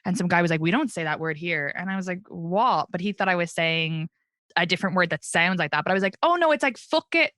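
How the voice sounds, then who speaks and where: A woman's voice: fairly low pitch, fast, fairly bright tone, dry recording, clean studio sound. An Irish woman in her thirties, a comedian chatting candidly as an interview guest and laughing often. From Ireland. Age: 30s. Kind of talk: casual interview chat.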